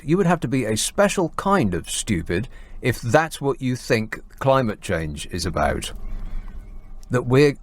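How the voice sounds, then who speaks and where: A man hosts a late-night radio phone-in. He sounds dry and sarcastic, and his pitch swings widely as he talks.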